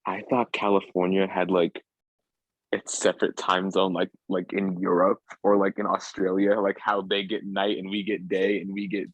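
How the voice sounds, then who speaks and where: A man's voice: low voice, monotone, normal speed, dry recording, lo-fi sound. A man guesting on a podcast, chatting in a rambling, playful way. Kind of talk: casual chat.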